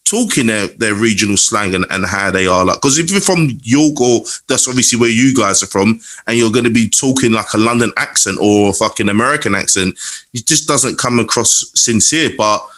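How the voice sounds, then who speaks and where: A man hosting a podcast, asking long, rambling questions in a relaxed way and swearing casually. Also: on the low side, moderate pace, rough recording. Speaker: podcast host. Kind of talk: casual interview.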